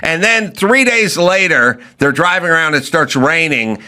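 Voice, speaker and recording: Podcast host guy from california, riffs on silly bits, voice sits a bit high and swoops all over. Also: lively intonation, a little slow, pushed and bright. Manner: riffing, building absurd bits with punchlines. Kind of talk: casual comedic chat.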